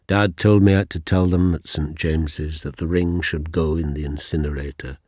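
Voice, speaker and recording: Husky, very deep poet. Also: male voice, fairly even intonation, a little mellow, dry recording, studio quality. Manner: slow, deliberate, dropping to near-whispers. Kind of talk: poetry reading.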